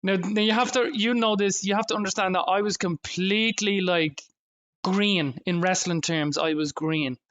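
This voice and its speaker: A man co-hosting a podcast, telling stories in an animated way, with lots of swearing and acted-out quotes. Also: high-pitched, normal speed, dull audio, a little hiss or hum. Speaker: podcast co-host. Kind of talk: casual chat.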